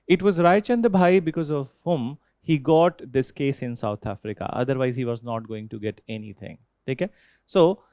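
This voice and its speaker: A man with an Indian accent leads a history lecture in an ordinary mid-range voice. He quizzes his students and repeats key phrases, checking in with a steady "okay?". The sound is dry and close, with no room echo. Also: medium pitch. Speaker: history teacher.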